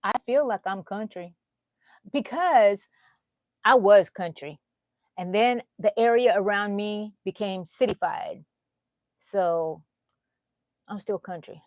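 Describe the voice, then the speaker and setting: A woman's voice: mid-range voice, takes it slowly, long pauses, no room sound. A woman from Texas hosting a casual live chat, greeting viewers by name in an affectionate, chatty way. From Texas, USA. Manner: chatty, affectionate, reads viewer names aloud. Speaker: livestream host.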